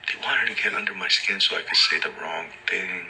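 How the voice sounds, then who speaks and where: A lower-pitched man with a very bright, hard-edged voice, ranting in a heated, profane rush. His pitch swings widely as he repeats himself, and faint noise sits under the recording. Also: steady tone, fairly quick, low-quality recording. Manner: heated, profane, repetitive, acts out dialogue. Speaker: storyteller recounting police encounter. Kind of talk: angry monologue.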